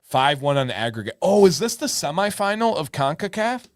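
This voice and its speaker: A man's voice: on the high side, sing-song, fairly quick, no room sound, clean studio sound. A young man co-hosting a live-stream chat show, joking about himself and reading out viewer comments. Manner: jokey, self-deprecating, reads out chat comments. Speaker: podcast co-host.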